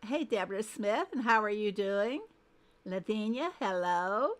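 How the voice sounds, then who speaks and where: Woman streamer, casual chat, slow and unhurried, greets chat by name, mid-pitched voice. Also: expressive. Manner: greets viewers one by one, chatty and friendly; thinks aloud while fiddling with settings. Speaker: game livestreamer.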